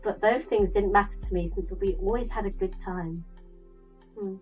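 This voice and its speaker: Young woman YouTuber reading a visual novel aloud, chatty and dramatic, mid-pitched voice, faint music underneath. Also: moderate pace, poor audio. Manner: chatty, dramatic, animated storyteller. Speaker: gaming YouTuber.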